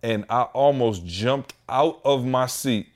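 A man in his thirties tells a story on a casual podcast chat, acting out each person with heated voices. His delivery is animated and lively, and he talks straight to his co-hosts. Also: medium pitch, slow. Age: 30s. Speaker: podcast co-host.

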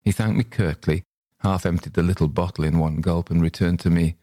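A man reading a short story aloud as its narrator, in a measured, unhurried way. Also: sits low, fairly even intonation, mellow, no room sound, studio quality. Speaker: story reader.

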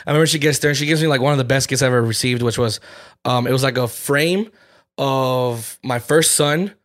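A man's voice: medium pitch, fairly quick, a bit bright. A man in his twenties, a podcast co-host, telling a candid personal story with plenty of swearing. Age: 20s. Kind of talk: casual chat.

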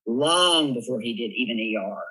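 A man with a Southern US accent, a guest telling funny stories in a giggly, animated way. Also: medium pitch, moderate pace, slightly rough, low-quality recording. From Tennessee, USA. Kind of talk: casual storytelling interview.

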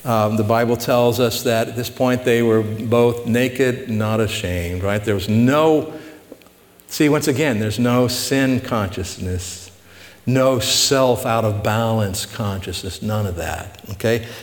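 A man in his pulpit, teaching scripture in a relaxed, folksy way and asking his listeners questions. His voice sits in an ordinary middle register. A long reverb trails off every phrase, as in a church sanctuary. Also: medium pitch, slow. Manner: folksy, asks the audience questions. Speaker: pastor. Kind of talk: conversational sermon, Bible teaching.

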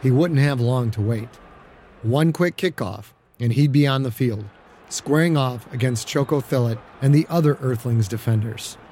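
A man narrating an audiobook in a steady, dramatic storytelling manner. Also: medium pitch, moderate pace, slight background noise. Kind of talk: scripted narration.

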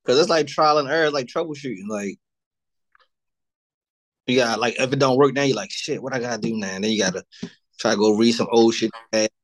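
A man's voice: medium pitch, brisk, long pauses. A man on a podcast, telling stories in a laid-back, profane, casual way. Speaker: podcast co-host. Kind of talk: casual chat.

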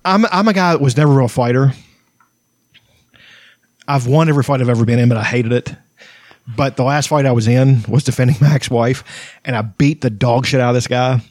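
A man's voice: medium pitch, fairly quick, long pauses, darkish tone, dry recording, clean studio sound. A man telling a rowdy fight story in casual chat, swearing freely and laughing as he talks. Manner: profane, boisterous storytelling with laughs.

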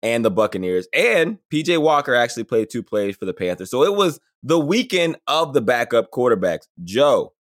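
A man in his thirties co-hosting a sports podcast, talking casually in an animated way, with quick asides and frequent laughter. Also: mid-range voice. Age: 30s. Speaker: podcast co-host.

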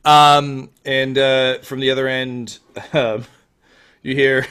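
A man narrating a tabletop game as game master, lively and animated. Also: medium pitch, slow pace, smooth. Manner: lively, animated, loose with fillers.

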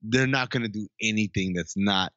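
A man's voice: lowish voice, moderate pace, a bit bright, dry recording. A man chatting casually on a podcast, loose and profane, with frequent laughs. His voice is close and dry, and the sound is a little dull and lo-fi. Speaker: podcast co-host. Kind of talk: casual chat.

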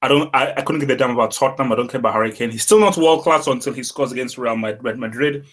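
A man's voice: mid-range voice, quick pace, fairly bright tone. A man co-hosting a casual football podcast, arguing his points emphatically and often repeating words as he starts a sentence. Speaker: podcast co-host.

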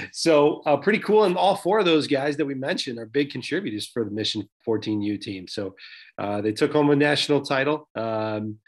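A man's voice: mid-range voice, expressive, a little fast. Man co-hosting a sports podcast, chatty. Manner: conversational, many fillers and restarts. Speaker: podcast co-host. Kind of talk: casual sports podcast chat.

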